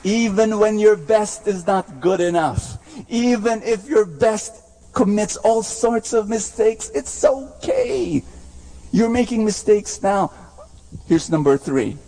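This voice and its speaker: A man preaching a sermon in a church, swinging between high ringing calls and low quiet lines, repeating phrases and having the crowd say them back. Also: animated, takes it slowly, poor audio.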